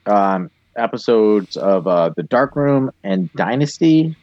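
Ohio guy cohosting, lowish voice, kinda halting, dry dull mic sound. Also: expressive, darkish tone, no room sound. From Ohio, USA. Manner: halting, easygoing, hesitant fillers. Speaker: podcast co-host. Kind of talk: casual chat.

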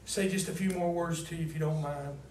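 High-voiced man preaching in a roomy hall. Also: fairly even intonation, fairly quick. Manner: asks the congregation to fill in words; swings from loud emphasis to low, quiet asides. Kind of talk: sermon with scripture reading. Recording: roomy, distant mic, faint background noise.

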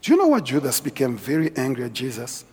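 Husky middle-aged male preacher, sermon in a reverberant church hall, lively swings between murmur and shout. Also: fast talker. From South Africa. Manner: animated, shifts from low asides to shouted exhortation. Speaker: guest preacher.

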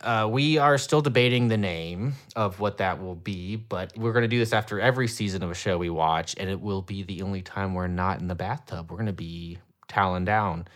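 A young man co-hosting a podcast in casual chat, enthusiastic and quick to laugh. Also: deep voice, fairly bright tone. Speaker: podcast co-host.

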